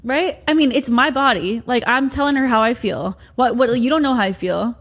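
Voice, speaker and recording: A pregnant woman in her thirties co-hosts a casual podcast chat. Her voice sits a little high, and she tells her stories in an animated, mock-indignant way that often tips into laughter. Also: moderate pace. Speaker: podcast co-host.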